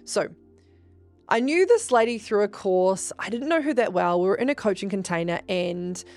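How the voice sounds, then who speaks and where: A woman hosting a podcast, telling spiritual stories in a casual, animated way, swearing freely and speaking straight to her listeners. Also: mid-range voice, normal speed, soft background music. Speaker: podcast host.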